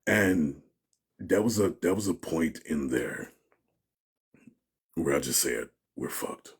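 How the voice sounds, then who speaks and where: A man's voice: very deep voice, measured pace, slightly rough. A man giving an interview, telling a story in a casual way and acting out what people said. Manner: animated storyteller, acts out quotes, laughs often. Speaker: interview guest.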